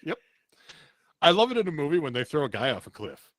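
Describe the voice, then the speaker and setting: A man hosting a comedy podcast, telling stories in an animated, self-mocking way and laughing often. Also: fairly high pitch, brisk, no echo. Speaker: podcast host. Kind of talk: casual comedic chat.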